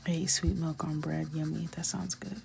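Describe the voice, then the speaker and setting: A low-pitched, gravelly woman of middle age chats loosely on a coloring livestream. She jokes, riffs on viewer comments and tells little stories in an easygoing, playful way. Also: steady tone, moderate pace, a little mellow. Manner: chatty, joking, reads chat aloud. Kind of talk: casual livestream chat.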